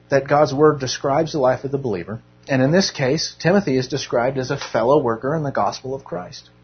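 A man's voice: mid-range voice, husky, highs cut off. A man giving an informal, conversational sermon to a church group, earnest with self-deprecating humor. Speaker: Bible teacher.

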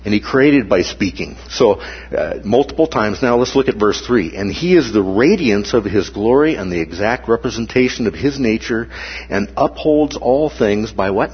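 A man's voice: lowish voice, lively intonation, moderate pace, breathy edge, muffled recording. A man preaching a sermon in a conversational way, often checking in with the congregation by asking "okay?" and "right?". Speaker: pastor.

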